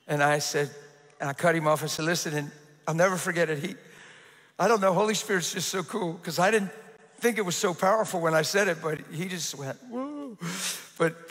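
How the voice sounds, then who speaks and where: High bright-voiced preacher man in a hall. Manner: animated, laughing, acts out quoted voices. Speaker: pastor. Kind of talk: sermon with storytelling. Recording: reverberant hall.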